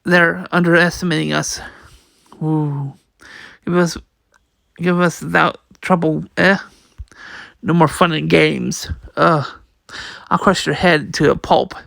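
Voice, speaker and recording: A man's voice: fairly high pitch, fairly even intonation, slow, vocal fry, pauses often, fairly bright tone, no room sound, studio quality. A man reading a manga aloud, voicing every part and the sound effects, often stumbling and repeating words. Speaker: comic reader.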